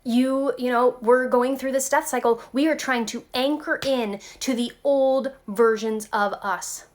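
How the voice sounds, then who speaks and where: A woman with a slightly high voice gives an informal spiritual talk straight to her viewers. Her delivery is lively and chatty, full of "like" and "okay". She sounds like a vlogger thinking out loud. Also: a little slow. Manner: animated, chatty, peppered with "like" and "okay".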